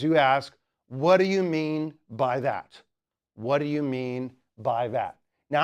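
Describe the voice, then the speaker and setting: A young man teaching a student club in a humorous lecture, teasing the audience and chatting with lots of fillers. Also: mid-range voice. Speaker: teacher giving a talk.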